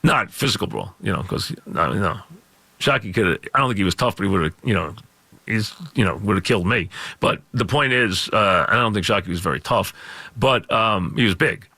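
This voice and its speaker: A middle-aged man with a scratchy voice, hosting a call-in sports radio show and ranting loudly with lots of repetition. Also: lowish voice, normal speed, no room sound. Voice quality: gravelly, scratchy voice. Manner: loud, emphatic, repeats points. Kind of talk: call-in talk radio rant. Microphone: studio microphone.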